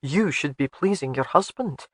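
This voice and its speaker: A narrator voicing a gruff, teasing Highland laird with a lilt and a low, slow drawl. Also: male voice, lively intonation, a bit bright, no echo.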